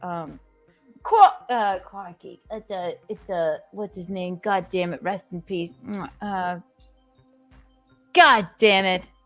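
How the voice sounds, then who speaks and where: A woman's voice: medium pitch, slow, fairly bright tone, faint music behind. A woman hosting a casual livestream chat, jokey and rambling, swearing and trailing off as she hunts for words. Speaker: host.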